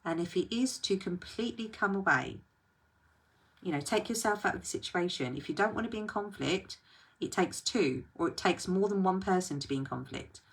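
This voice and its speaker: Husky-voiced woman coaching. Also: on the low side, animated, moderate pace. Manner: earnest, thinking aloud, speaks straight to the viewer. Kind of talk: reflective talk to camera.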